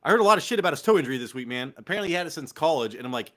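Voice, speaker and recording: A man's voice: on the high side, animated, racing, hardly any pauses, pushed and bright. Profane laid-back Californian guy. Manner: loose, profane, laughing banter. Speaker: podcast host. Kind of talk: casual fantasy football chat.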